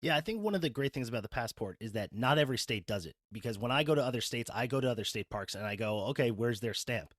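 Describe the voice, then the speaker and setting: A man's voice: medium pitch, animated, fast, hardly any pauses, fairly bright tone, dry recording. An enthusiastic, playful man hosts a casual interview podcast in a mid-range voice. His sound is close and dry, with no room around it. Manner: enthusiastic, playful, laughs easily. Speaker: podcast host.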